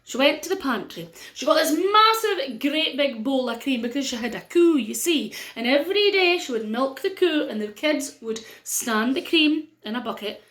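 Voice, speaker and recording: A middle-aged woman with a North-East Scottish accent telling a story to children in a playful way, with dramatic pauses. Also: high voice, fairly bright tone, reverberant.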